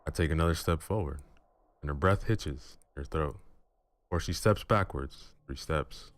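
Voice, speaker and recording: A man hosting a channel who narrates a first-person horror story in a dramatic, measured way. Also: rumbling low, no echo. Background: music.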